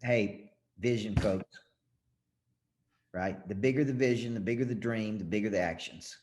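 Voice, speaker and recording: A man's voice: on the low side, normal speed, darkish tone. A man who works as a motivational coach, talking to his audience in punchy, rallying lines. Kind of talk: motivational talk show.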